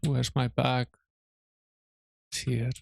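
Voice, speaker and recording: A man's voice: medium pitch, flat delivery, slow, gravelly, a little mellow. A man streaming a game, giving offhand let's-play commentary and thinking aloud as he plays.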